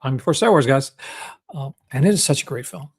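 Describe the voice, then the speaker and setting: A man's voice: medium pitch, expressive, brisk, husky. A young Canadian man with a Canadian accent, hosting a casual livestream and chatting about his collection with lots of fillers and restarts. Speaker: livestream host.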